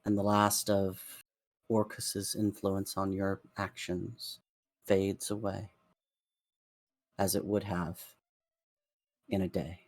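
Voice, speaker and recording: Slow, hushed male dungeon master. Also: deep voice, little pitch movement, dry recording. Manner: hushed, drawn-out storytelling with soft fillers. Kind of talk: slow descriptive game narration.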